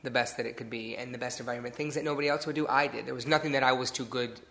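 A man's voice: medium pitch, steady tone, very fast, gravelly, bright, forceful tone. A man from Detroit, a hairstylist, telling his story in a casual interview and acting out the people he quotes. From Detroit area, USA. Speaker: hairstylist guest.

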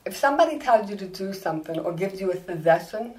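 A woman comedian answering interview questions with lively stories, acting out the voices of people she quotes. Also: medium pitch, fast, rough recording. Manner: animated, acts out quoted voices. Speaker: comedian, guest.

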